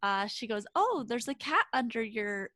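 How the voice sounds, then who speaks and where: A young woman co-hosting a podcast over a video call. She tells stories with lively energy and jumps her voice up when quoting people. Her voice is slightly high and bright, and the sound is dry. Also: moderate pace, no echo. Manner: animated storyteller, acts out quotes in a high voice. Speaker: podcast co-host. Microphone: video call mic.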